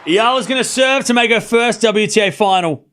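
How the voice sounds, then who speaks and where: A young man streaming live tennis play-by-play to his chat, excitable, swinging from quiet muttering to shouting. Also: high voice, normal speed, slight background noise.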